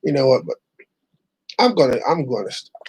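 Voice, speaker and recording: A man's voice: mid-range voice, sing-song, moderate pace, a little mellow, a little hiss or hum, rough recording. A middle-aged man hosting his own online show, ranting bluntly and profanely, rambling with restarts. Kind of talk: casual ranting monologue.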